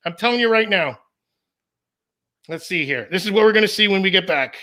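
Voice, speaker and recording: A man with a high, bright voice co-hosts a live stream and rambles along in casual chat. He teases and jokes in an animated, restless way. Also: fairly quick. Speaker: co-host.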